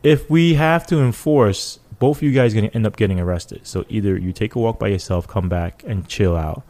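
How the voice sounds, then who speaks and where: A man's voice: fairly low pitch, a little fast. A man who was a police officer, telling stories casually in an interview and acting out the people he quotes. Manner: animated, acts out quoted people with loose slang.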